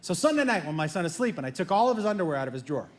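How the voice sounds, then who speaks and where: A man telling a comic family story with animated, laughing energy. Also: high-pitched, racing. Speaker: comedian. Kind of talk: storytelling stand-up comedy.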